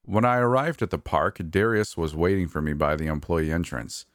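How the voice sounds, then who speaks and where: Deep-voiced male narrator, steady scripted read, dry close sound. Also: moderate pace, no echo. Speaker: horror story narrator.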